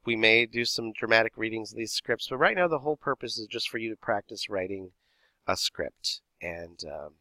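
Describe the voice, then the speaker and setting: A man's voice: on the low side, animated, normal speed, bright, forceful tone, dry recording, poor audio. A man teaching a theatre class, explaining script format step by step and reading examples aloud. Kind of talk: recorded class lesson.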